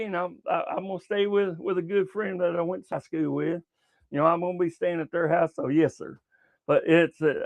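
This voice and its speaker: Older man, profane, rambling, higher voice, dry. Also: creaky, no echo. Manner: profane, repetitive, stumbling restarts. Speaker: sports show host. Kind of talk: casual rambling sports talk.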